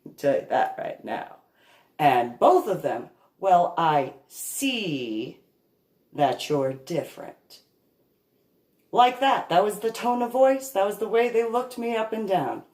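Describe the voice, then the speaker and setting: A woman speaking in an unscripted monologue about her own experiences as a parent, slow and emphatic with deliberate pauses. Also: a little high, sing-song, a little mellow, reverberant. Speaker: parent telling her story.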